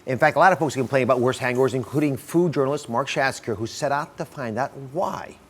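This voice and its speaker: A man's voice: mid-range voice, quick pace, a little hiss or hum. A man hosting a TV talk show, upbeat and chatty with guests and the studio audience.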